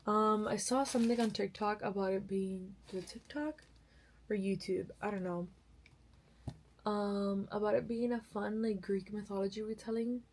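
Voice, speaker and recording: A tired young book vlogger chats casually to camera about books she's bought and is reading, rambling and often correcting herself. Her mid-range voice is fairly even at normal speed, and the low-quality recording has slight background noise.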